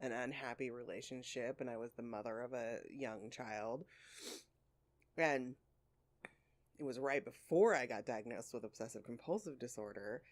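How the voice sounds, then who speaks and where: A woman's voice: very deep voice, normal speed. A woman co-hosting a podcast in casual chat, talking candidly and at length, swearing freely, with a sore throat. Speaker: podcast co-host.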